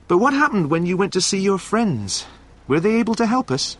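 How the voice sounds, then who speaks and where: A man reading a storybook aloud and voicing an eager young man on the run in a raised, animated voice. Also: high voice, a little fast, pitched above the performer's own voice, exaggerated voice.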